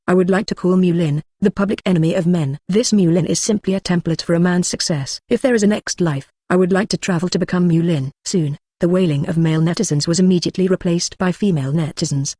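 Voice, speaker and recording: A text-to-speech voice reading a translated novel as an audiobook, flat and literal, even reading punctuation marks aloud. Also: medium pitch, no echo, studio quality. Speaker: audiobook narrator. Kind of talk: machine-read audiobook narration.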